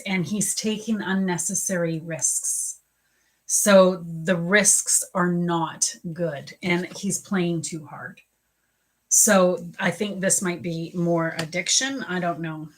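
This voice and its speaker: A woman psychic chats her way through live readings, giggly between answers and teary when she turns serious. Her voice sits a little low and husky. She takes her time with every phrase. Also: rough recording. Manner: chatty and giggly, slow and emotional in readings. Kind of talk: casual live-stream reading.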